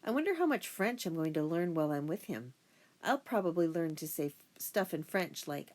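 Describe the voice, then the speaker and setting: A woman narrating a first-person children's audiobook in a steady storytelling voice. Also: low voice, moderate pace.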